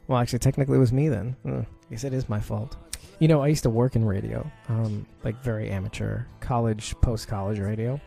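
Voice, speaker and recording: Gravelly, chatty Brooklyn man streaming live. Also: mid-range voice, steady tone, fairly quick, warm tone, faint music behind. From Brooklyn, New York. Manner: rambling, chatty, frequent laughs and fillers. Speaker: podcast host. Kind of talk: casual live-stream chat.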